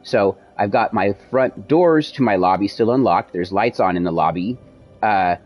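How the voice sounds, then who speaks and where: Streamer, young man, lowish voice, animated profane storyteller. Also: moderate pace, lo-fi sound, faint music behind. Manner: animated, profane retelling with quoted dialogue. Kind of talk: casual storytelling.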